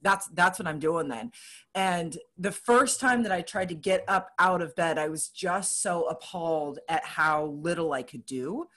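A woman's voice: on the low side, a little slow, fairly bright tone. A woman chatting casually, candid and dramatic as she tells a personal story. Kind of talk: casual chat about surgery recovery.

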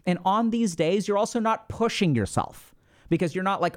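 A man hosting a podcast, explaining in a casual, animated way, often acting out inner voices and asking "right?". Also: high-pitched, quick pace. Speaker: podcast host.

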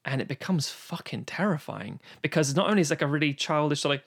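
A fast-talking man with a highish, expressive, fairly bright voice barely pauses as he co-hosts a podcast from home, recorded remotely under lockdown. His chat about an old film is casual and eager, full of swearing and rambling restarts.

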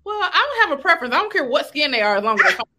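A woman's voice: high voice, sing-song, racing, very noisy. A woman hosting a casual interview chat, playful and teasing, often laughing. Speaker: host.

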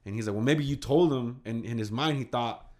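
A young man telling a story casually among friends, animated and swearing, acting out the quotes. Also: medium pitch, fairly quick.

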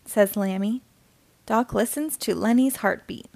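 A woman reading a children's picture book aloud in a gentle, expressive storytelling manner. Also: mid-range voice, a little slow, dry recording. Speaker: storybook reader.

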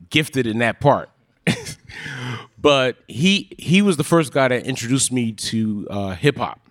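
A man telling a story on a live stage, rambling and acting out the lines he quotes. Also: medium pitch. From Brooklyn, New York. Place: live show in a ballroom.

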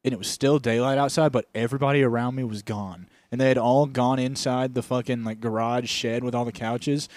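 A man's voice: medium pitch, fairly even intonation, brisk, hardly any pauses, a little mellow, no room sound. A young man tells rambling stories close to a podcast microphone. He swears freely and keeps the chat loose. The room sounds completely dry. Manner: loose storytelling, swearing, slangy. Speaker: podcast co-host. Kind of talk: casual chat. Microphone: studio microphone.

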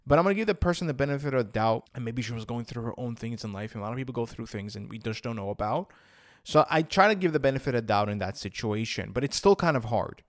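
A man's voice: medium pitch, lively intonation, fast talker, no room sound, clean studio sound. A man in his thirties hosting a podcast, telling his own story in a candid, rambling way with frequent restarts. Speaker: podcast host. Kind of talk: personal storytelling monologue.

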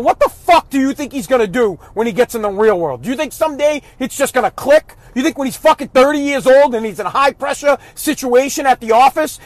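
In a dry recording, a very high-voiced man rants as a father about child-rearing. He swears a lot, speaks bluntly, and raises his voice while sharing his opinions in this profane monologue.

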